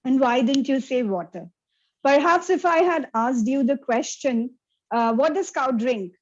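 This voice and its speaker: Woman, online lecture, interactive, slightly high voice, dull call audio. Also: animated, a little slow, darkish tone. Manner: interactive, checks in with the audience often. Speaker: workshop presenter. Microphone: video call.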